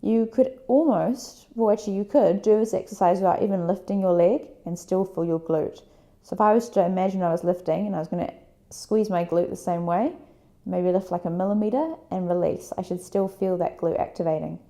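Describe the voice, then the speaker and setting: A woman fitness instructor leading a workout, giving calm breathing and movement cues with chatty asides. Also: lowish voice, a little fast.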